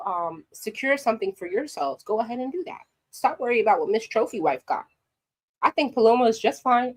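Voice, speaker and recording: Sassy New woman giving her opinion. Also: a little high. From New York. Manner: animated, sassy, direct address to viewers. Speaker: commentary vlogger. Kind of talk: opinionated commentary to camera.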